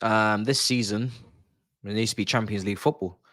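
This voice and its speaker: A man's voice: lowish voice, steady tone, normal speed, fairly bright tone, dry recording, clean studio sound. A man giving his views as a football pundit in casual podcast chat, confident and emphatic, often repeating his points.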